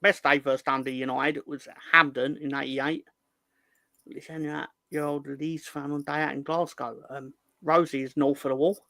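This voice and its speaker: A man hosting a casual live chat, reading out viewer comments in a playful, rambling, excitable way. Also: on the high side, moderate pace, vocal fry, no echo. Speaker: host.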